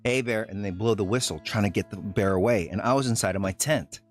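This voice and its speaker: A man streaming live, telling a story to his chat in a rambling, halting way, full of fillers and restarts. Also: fairly low pitch, soft background music.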